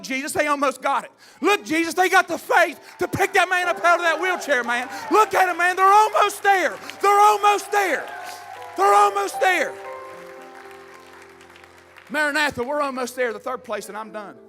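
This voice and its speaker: A man preaching a sermon, telling stories with fervor and building up to shouts. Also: sits high. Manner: fervent storytelling preacher, swells to shouting.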